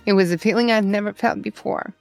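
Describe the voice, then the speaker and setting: Gravelly-voiced woman from Ukraine. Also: medium pitch, steady tone, a little fast, faint music behind. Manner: emotional, earnest storytelling with repetitions. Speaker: interview guest. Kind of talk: personal testimony in a podcast interview.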